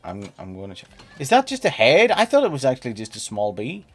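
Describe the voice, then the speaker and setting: A man's voice: medium pitch, wildly swooping pitch, fast. A man casually chatting while streaming a game, playful and talkative, teasing the creatures on screen. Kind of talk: casual gameplay stream chat.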